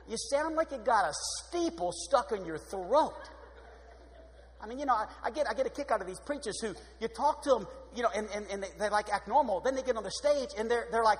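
Male preacher with a high voice and an animated sermon delivery, recorded with a long hall reverb. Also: brisk. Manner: animated, shifts from loud exclamations to hushed prayer voice. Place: church sanctuary. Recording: long echo of a large hall.

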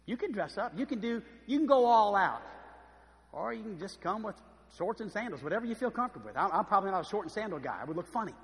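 A man preaching a sermon, telling lively stories and acting out the voices of the people in them. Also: high-pitched, fast, in a large hall. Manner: animated storytelling, acts out voices. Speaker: pastor. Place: church.

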